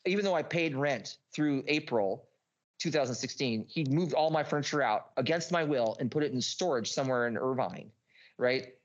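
A man's voice: on the high side, dull audio. A man, a podcast guest, telling a rambling personal story, swearing freely and often restarting his sentences. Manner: profane, restless, restarts often.

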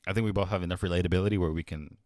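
Fast-talking deep-voiced young man. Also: steady tone, a little mellow, no echo, clean studio sound. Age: young adult. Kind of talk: casual chat.

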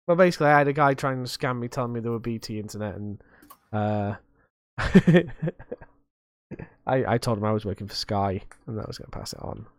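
A young podcast host talks in a loose, rambling way, swearing often and poking fun at themself. The voice sits in a middle pitch and is recorded close and dry, with no room sound around it. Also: fairly quick, long pauses, clear, resonant tone, dry recording. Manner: sweary, rambling, self-mocking. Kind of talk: casual podcast chat.

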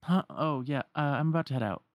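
A man's voice: a little high, a little fast, no echo, voice pushed up, close to an everyday voice. A man voicing a caring, easily startled teenage boy in a lifted, eager voice. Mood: earnest.

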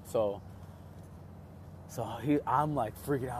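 A young man casually telling a story, rambling and excitable, with many restarts and fillers. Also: mid-range voice, a little slow, slight background noise.

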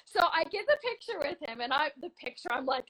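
A woman from Canada in her thirties, chatting casually and telling an animated story, often laughing and breaking into shouts as she acts out moments. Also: high-pitched, quick pace, poor audio. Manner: animated, laughing, bursts into shouts when reenacting.

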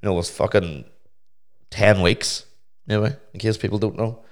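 A man's voice: on the low side, fairly even intonation, moderate pace. A young man, talking in a laid-back casual chat and swearing freely.

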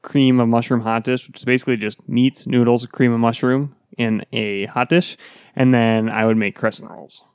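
A man co-hosting a casual podcast chat, teasing his friends and quick to laugh. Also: mid-range voice, steady tone, clean tone, no echo, clean studio sound. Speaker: podcast co-host.

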